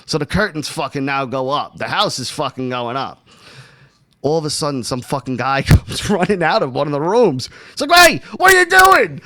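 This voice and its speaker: A man's voice: mid-range voice, normal speed, dry recording. A man casually telling profane stories from his childhood on a podcast. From Texas. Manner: profane, animated storytelling. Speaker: podcast host. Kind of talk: casual storytelling chat.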